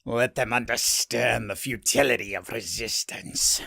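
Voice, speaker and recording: A haughty alien commander rumbles orders at his crew and at the world below, as a man voices him. His delivery is slow and gravelly, with a hard, edgy brightness. Every word is pressed out with contempt. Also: no room sound, studio quality, exaggerated voice. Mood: haughty commanding. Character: arrogant alien male commander, tentacled, contemptuous.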